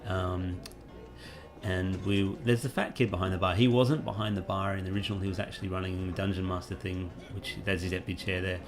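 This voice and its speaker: A man, a game developer giving rambling, relaxed gameplay commentary with plenty of fillers. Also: deep voice, brisk, over music.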